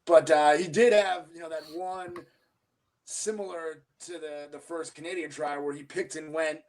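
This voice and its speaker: A man appearing as a guest on a casual sports podcast, talking in a measured, analytical way. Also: on the high side, fairly even intonation, darkish tone.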